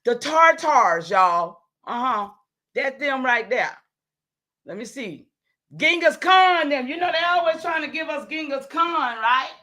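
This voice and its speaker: A woman's voice: high voice, expressive, unhurried, pushed and bright. A woman hosting a livestream, talking straight to her viewers, emphatic and repeating herself, swearing when heated and then apologising. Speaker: livestream host.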